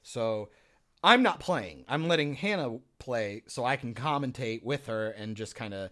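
A young man co-hosting a casual podcast chat, telling stories in an animated, profane way and acting out his own reactions. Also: medium pitch, a little slow. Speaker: podcast co-host.

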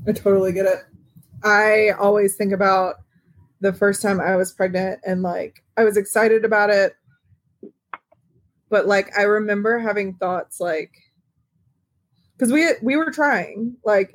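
Woman co-host, mid pitch, candid casual chat on a video call. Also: fairly even intonation, a little slow, pauses often. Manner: candid, self-questioning talk. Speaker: podcast co-host.

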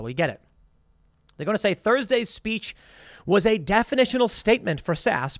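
A man talking through the news on his own show, reading quotes and answering them with sarcastic asides. His voice sits high and swings widely as he goes. The sound is close and dry. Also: dry recording. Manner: animated, sarcastic, reads quotes aloud and reacts. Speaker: political commentary host. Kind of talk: solo political commentary.

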